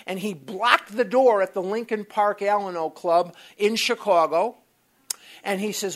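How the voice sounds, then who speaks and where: Blunt, animated workshop speaker. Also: medium pitch, measured pace. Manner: animated, blunt, with mild swearing and asides. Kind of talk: personal storytelling talk to a live group. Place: meeting room.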